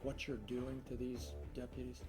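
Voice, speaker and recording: A man cross-examining a witness in court, asking slow, leading questions one after another. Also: mid-range voice, completely flat delivery, darkish tone, faint music behind. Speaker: lawyer.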